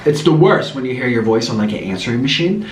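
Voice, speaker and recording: A man chatting casually to camera as a vlogger, rambling in an animated, talkative way. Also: mid-range voice, fast, reverberant, a little hiss or hum.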